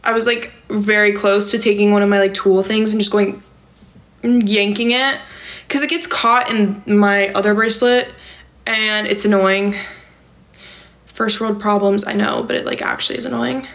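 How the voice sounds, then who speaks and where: A young woman from California hosts a livestream, reading viewer comments aloud and answering in a rambling way full of "like" and "um." Her voice is medium-pitched, steady, a bit bright and at normal speed.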